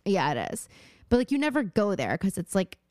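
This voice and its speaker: Young female podcast co-host, rambling and giggly, crisp and dry. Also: medium pitch, big pitch swings, a little fast, a little mellow, no room sound. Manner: chatty, rambling, lots of fillers and giggles. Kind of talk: casual chat.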